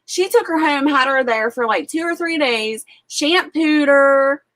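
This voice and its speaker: A talkative woman hosting a relaxed livestream, her voice sitting a touch high for a woman. She rambles through stories with frequent fillers and quick asides. She sounds like she is chatting from home on a small farm. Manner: chatty storyteller, lots of "like". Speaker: livestream host. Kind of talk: casual chat.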